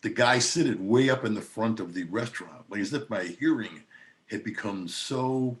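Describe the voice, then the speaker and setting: Older male guest, low-pitched, easygoing raconteur. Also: normal speed. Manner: relaxed anecdotal telling, often laughing. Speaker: attorney and podcast guest. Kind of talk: casual storytelling.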